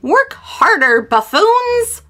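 A woman's voice: a little high, sing-song, takes it slowly, a bit bright, soft background music, full character voice. A woman voicing a wicked, bossy old witch in a storybook reading, snapping and scolding.

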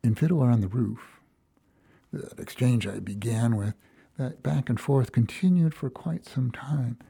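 A man's voice: medium pitch, unhurried, creaky, mellow, breathy edge, dry recording. A man from Minnesota preaching a reflective, storytelling sermon as a pastor, acting out the quoted lines.

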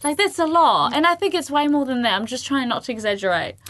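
French-born woman, co-host; high, bright, very animated, teasing and laugh-prone. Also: fast talker. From France. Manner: teasing, laughs a lot, expressive. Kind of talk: casual chat.

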